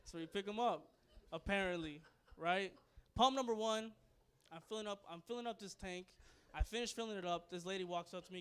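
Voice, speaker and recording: A man's voice: high voice, brisk, a bit bright, clean tone. A young man doing a stand-up comedy set, loose and crude, rambling and laughing at his own jokes. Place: comedy club stage.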